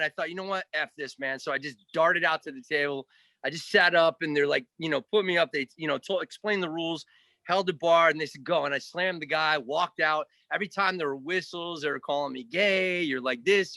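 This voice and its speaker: A man's voice: a little high, no echo. A man telling a long story in a casual interview, rambling, swearing now and then and acting out what others said. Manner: animated, rambling, swears, acts out quotes. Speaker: guest actor.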